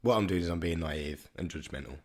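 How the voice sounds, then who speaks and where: A man's voice: low-pitched, brisk, a little mellow. A man with a Birmingham accent co-hosting a casual podcast chat, rambling and repeating words as he thinks. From Birmingham, England. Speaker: podcast co-host.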